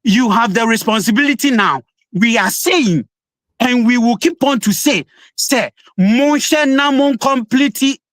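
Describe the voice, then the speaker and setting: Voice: mid-range voice, unhurried, a bit bright, no room sound. A speaker from Ghana with a Ghanaian English accent, an opposition party spokesperson arguing hard in a live political debate and switching languages mid-sentence. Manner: insistent, emphatic, code-switching mid-sentence.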